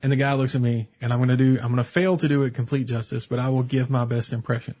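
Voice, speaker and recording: A man co-hosting a podcast, telling an animated story in a casual chat. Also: mid-range voice, fast talker, muffled recording. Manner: animated storyteller, breaks into laughter. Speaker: podcast co-host.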